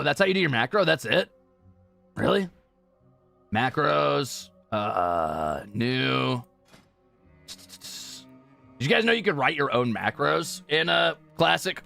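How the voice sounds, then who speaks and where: A man's voice: mid-range voice, sing-song, slow, gravelly, pauses often, bright, forceful tone, soft background music. A young man streaming a game, chatting playfully with viewers and joking around, sometimes muttering to himself while he types. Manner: playful, joking, drifts into mumbling while typing. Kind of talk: casual gaming livestream chat. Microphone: close streaming mic.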